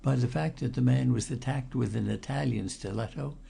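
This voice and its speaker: A man reading the part of a suspicious, blunt police detective with a Highland accent in an audiobook. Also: moderate pace, creaky, mellow, slightly rough, exaggerated voice. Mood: probing. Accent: Scottish Highland. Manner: probing, blunt questioning. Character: big fair-haired Scottish police detective, suspicious.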